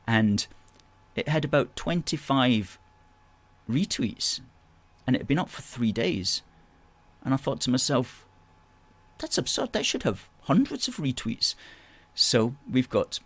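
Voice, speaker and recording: Lower-voiced man hosting a chat show. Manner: emphatic, repeats phrases and agreement words. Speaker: host. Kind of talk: live chat show reading out viewer comments.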